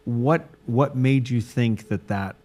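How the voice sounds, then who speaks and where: A man's voice: mid-range voice, slow pace, darkish tone. A man hosting a podcast, asking reflective questions and offering short affirmations. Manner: reflective, prompting, frequent affirmations. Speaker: podcast host. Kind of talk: interview conversation.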